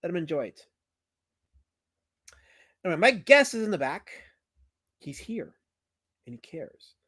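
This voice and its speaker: A man hosting a livestream, teasing his chat and guest in casual banter, swinging from loud outbursts to mumbled asides. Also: sits high, big pitch swings, unhurried, slightly rough, dry recording. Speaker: livestream host.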